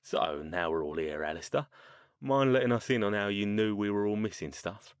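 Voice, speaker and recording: A man voicing a rough, cheerful, wiry Cockney man with a boisterous, chummy manner and a thick Cockney accent. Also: fairly low pitch, moderate pace, no room sound, close to an everyday voice. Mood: curious.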